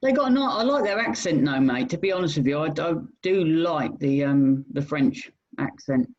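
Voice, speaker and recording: A British man co-hosting a casual chat show, hesitant, with many pauses and repeated words. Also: on the high side, animated. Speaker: co-host. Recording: dull lo-fi sound.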